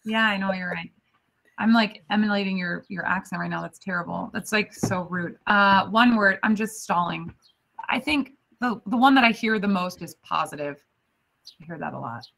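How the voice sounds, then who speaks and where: A woman's voice: mid-range voice, normal speed, gravelly, a bit bright. A woman guest who lives in Texas, chatting casually on a talk show, laughing often and poking fun at herself. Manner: laughing, chatty, self-deprecating. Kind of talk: casual chat.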